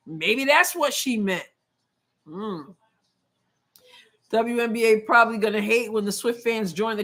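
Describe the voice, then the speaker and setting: The show host is a woman whose voice is a little high and fairly bright. She leads a live game watch-along, offering opinionated chat, play-by-play asides, and viewer comments read aloud.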